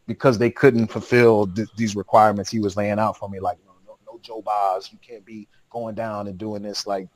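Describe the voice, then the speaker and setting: A man's voice: fairly low pitch, little pitch movement, moderate pace, hardly any pauses, no room sound, rough recording. A man, a podcast guest, telling a long story in casual, slangy speech with lots of laughter.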